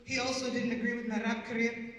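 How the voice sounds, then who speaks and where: Her voice is on the high side and a bit bright, level in tone and a little fast. She's a Canadian comic in her fifties, telling stories live with punchy wit, wordplay and accent play. The recording captures her from a distance in an echoey community hall, with slight background noise.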